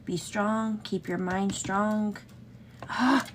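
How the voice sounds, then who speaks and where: A woman's voice: medium pitch, fairly even intonation, extremely slow, noisy background. A woman hosting a casual get-ready-with-me makeup show, chatting affectionately and greeting viewers in a sing-song way.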